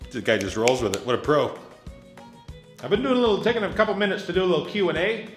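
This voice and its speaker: A man's voice: high-pitched, sing-song, fast, soft background music. A man in his fifties doing a live stand-up Q&A, joking and self-mocking with the crowd. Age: 50s. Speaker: stand-up comedian hosting audience Q&A. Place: live theatre stage.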